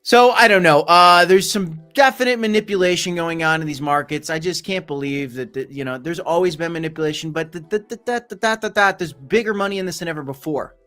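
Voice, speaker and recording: A man's voice: fairly high pitch, a little fast, few pauses, bright, forceful tone, faint music behind. A man hosting a casual crypto livestream, who rambles through market talk with many fillers and restarts. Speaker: crypto channel host.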